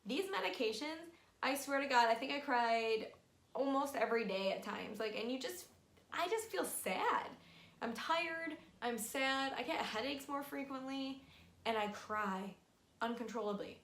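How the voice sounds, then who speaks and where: A woman's voice: high-pitched, animated, a little slow, a bit bright. A young woman vlogging casually and frankly, with many fillers. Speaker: vlogger sharing her fertility treatment. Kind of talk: casual explainer vlog. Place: room at home. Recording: echoey room, faint music.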